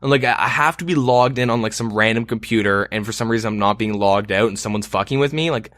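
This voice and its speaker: A man's voice: fairly low pitch, quick pace, a bit bright, dry recording, studio quality. A young man co-hosting a podcast, telling a long story in casual chat, rambling with lots of fillers and frequent swearing. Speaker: podcast co-host.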